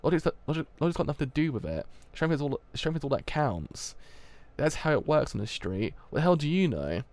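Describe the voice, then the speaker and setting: A man's voice: fairly low pitch, steady tone, moderate pace, vocal fry, a little mellow, no room sound. A man reading aloud as a hardened teenage male gang leader, curt and defiant. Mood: angry.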